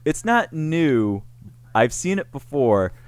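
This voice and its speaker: A man's voice: medium pitch, very animated, slow pace, darkish tone, no room sound. A man co-hosting a podcast in casual chat, joking around and laughing often. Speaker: podcast co-host.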